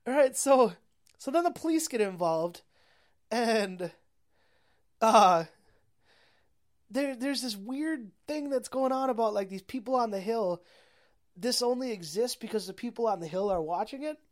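A woman's voice: fairly high pitch, expressive, a little slow, pauses often. A young woman casually recapping a film, rambling and profane, with lots of fillers. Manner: rambling, profane, laughing often, many fillers.

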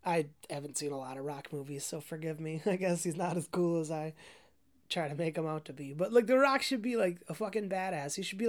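A woman ranting casually about a movie, rambling with constant "like" fillers, profanity and frequent laughs. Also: fairly low pitch.

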